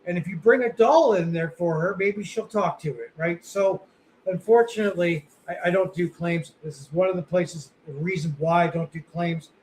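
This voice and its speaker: A man with a fairly high voice talks casually as a podcast co-host. He rambles, stacks up fillers and restarts, and swears bluntly. A faint hum sits behind him. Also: normal speed, darkish tone, rough recording.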